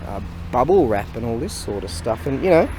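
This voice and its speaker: A chatty man, recorded outdoors as a vlogger, talking at an ordinary, middling pitch. Faint traffic noise hums behind him as he rambles on in an easygoing way, breaking into laughter now and then. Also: big pitch swings, fairly quick, darkish tone. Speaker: vlogger and online seller. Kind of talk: casual chat. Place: outdoors near a hardware store.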